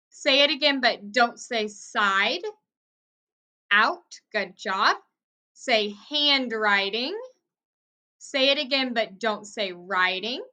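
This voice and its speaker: A young woman teaching first graders a recorded phonics lesson, speaking clearly and encouragingly with steady praise. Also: fairly high pitch.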